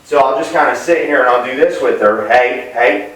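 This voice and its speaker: A man working as a dog trainer, explaining in a relaxed, plain way with frequent pauses and restarts. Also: mid-range voice. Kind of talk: casual instructional talk to camera. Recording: echoey room, voice picked up from a distance.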